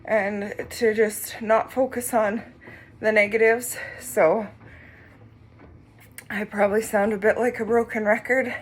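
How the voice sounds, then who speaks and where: Slow, breathless woman talking while exercising. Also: mid-range voice, level tone. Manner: slow, reflective, with pauses and soft laughs. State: short of breath. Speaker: vlogger sharing her recovery. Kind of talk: casual personal vlog.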